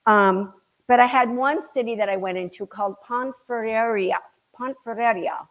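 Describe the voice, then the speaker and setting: Middle-aged lady chatting through her travel slides to a room, kinda high voice, acts out the voices. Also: moderate pace, rough recording. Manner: chatty, animated storytelling with quoted voices. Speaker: speaker giving a slide talk. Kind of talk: casual talk to an audience.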